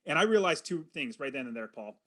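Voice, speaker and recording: A man's voice: on the high side, sing-song, fast, sharp tone. A middle-aged man, a podcast guest, earnestly telling a personal story and acting out his own thoughts as he goes.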